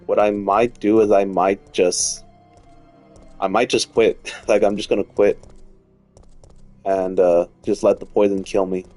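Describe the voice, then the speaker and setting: A man's voice: on the low side, little pitch movement, unhurried, long pauses, darkish tone, faint music behind. A man giving casual let's-play commentary as he plays, rambling, repeating himself and swearing freely. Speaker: gaming streamer.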